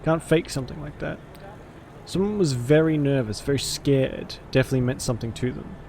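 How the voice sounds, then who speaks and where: A man's voice: mid-range voice, a little fast, creaky, a little mellow, slight background noise, lightly acted. A man voicing a cynical, streetwise male vampire detective with a gritty, hard-boiled drawl. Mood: gruff. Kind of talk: visual novel voice acting.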